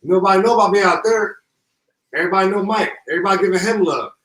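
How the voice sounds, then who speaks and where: A grieving father speaking through tears, halting and repeating himself with deep emotion. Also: a bit bright. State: holding back tears. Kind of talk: emotional live call-in. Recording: echoey call from far off.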